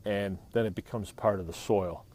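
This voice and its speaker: A man's voice: on the low side, steady tone, normal speed, dark tone, dry recording. Easygoing New man outdoors. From New England. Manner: easygoing, rambling, jokey. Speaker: biochar maker streaming live. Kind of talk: casual live-stream demonstration. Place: outdoors beside a burning kiln. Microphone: phone held by the speaker. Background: roar of a fire.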